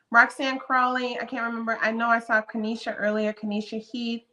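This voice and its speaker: This is a woman in her fifties hosting a casual live stream. Her voice is bright and pitched a little high. She chats in a friendly, upbeat way, welcoming viewers one after another. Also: fairly even intonation, moderate pace. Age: 50s. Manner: greets viewers by name, chatty and upbeat. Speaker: livestream host.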